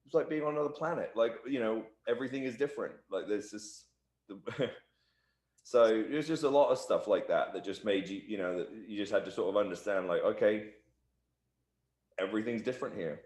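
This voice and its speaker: A man's voice: fairly low pitch, a little fast, a little mellow, reverberant. A man being interviewed as a guest, telling loose, rambling stories full of "like" and "you know.". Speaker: professional wrestler, interview guest. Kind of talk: casual shoot interview storytelling.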